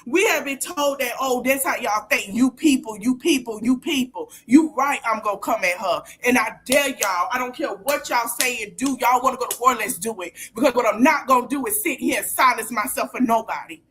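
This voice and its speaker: A woman's voice: fairly high pitch, brisk, hardly any pauses. Furious profane woman ranting on a livestream. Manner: heated, profane, repetitive, shouting at times. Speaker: podcast host. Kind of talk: angry livestream rant.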